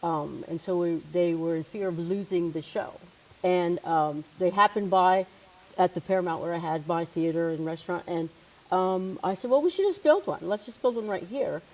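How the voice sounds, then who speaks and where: A middle-aged woman with a lowish voice speaks candidly. She is self-deprecating and relaxed in conversation. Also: moderate pace, poor audio. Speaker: studio partner, Air Force veteran. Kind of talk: casual conversation.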